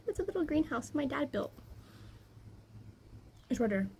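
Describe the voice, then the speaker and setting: A young woman with a slightly high voice chats loosely in a personal vlog, drifting off on tangents and filling gaps with ums. She films herself on a phone outside by a backyard garden, with faint outdoor ambience behind her. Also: normal speed, pauses often, slight background noise. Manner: rambling, easily distracted, frequent fillers. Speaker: vlogger. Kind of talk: casual personal vlog chat.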